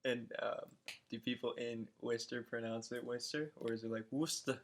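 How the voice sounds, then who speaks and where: A man's voice: mid-range voice, steady tone, a little fast, vocal fry. A young man hosting a casual home interview with his mother, playful and a bit hesitant with fillers.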